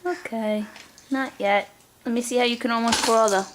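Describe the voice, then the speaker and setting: A woman's voice: fairly high pitch, steady tone, normal speed, a little hiss or hum. A young woman at home talking to her baby in cooing, sing-song baby talk. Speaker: mother filming her baby.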